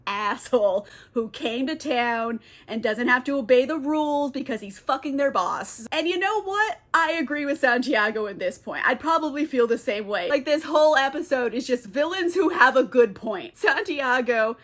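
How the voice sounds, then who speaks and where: A woman's voice: high voice, lively intonation, moderate pace, hardly any pauses, a bit bright. Chatty young woman recapping a show. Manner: chatty, frequent "like" fillers, casual swearing. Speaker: TV recap vlogger. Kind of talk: casual recap commentary.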